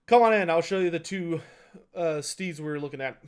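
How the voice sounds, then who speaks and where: A folksy horse trader who is wary of wizards, put on by a man running the game. He speaks a little higher than an ordinary man, asks pointed questions in an offhand way, and sounds plainly like a game master doing a voice. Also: fairly quick, clear, resonant tone, lightly acted.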